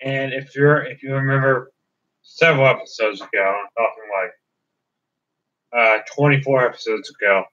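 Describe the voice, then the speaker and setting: A man's voice: mid-range voice, bright, forceful tone. A man hosting a casual let's-play video, rambling and restarting his sentences. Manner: rambling, hesitant with many restarts. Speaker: gaming video host. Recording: dull lo-fi recording.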